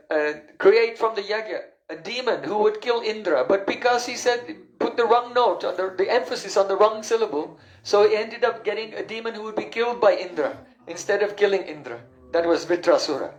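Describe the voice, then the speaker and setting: A man's voice: high-pitched, normal speed, reverberant, low-quality recording. A man giving a patient, explanatory spiritual lecture on scripture, sometimes stopping to recall a term.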